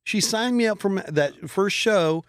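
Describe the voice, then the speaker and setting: A man's voice: high voice, lively intonation, moderate pace, smooth, dry recording, clean studio sound. Rambling middle-aged man telling stories. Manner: rambling storyteller who acts out quoted voices. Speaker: guest. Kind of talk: casual storytelling chat.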